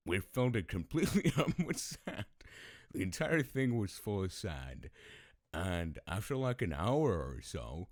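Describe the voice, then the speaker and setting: A man with an extremely deep voice tells stories slowly and casually, swearing freely. His tone rises and falls with lively swings. The sound is dry and close. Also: dry recording. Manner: laid-back, swears a lot, laughs often. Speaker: podcast host. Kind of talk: casual storytelling.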